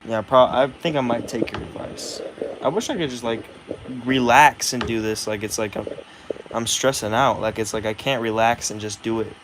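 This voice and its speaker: A man's voice: mid-range voice, moderate pace, noisy background. A man vlogging at home, venting his frustration and swearing often as he talks to himself. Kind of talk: casual vlog.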